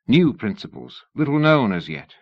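An audiobook reader, a man, voicing a brisk, matter-of-fact male engineer in a dull lo-fi recording. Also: medium pitch, big pitch swings, dry recording, voice pushed up. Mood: earnest.

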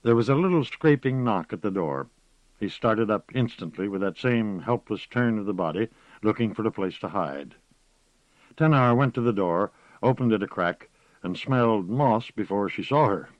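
A man reading a novel aloud as narrator, in measured, even storytelling. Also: lowish voice, no echo. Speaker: audiobook narrator. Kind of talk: scripted narration. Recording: slightly muffled recording.

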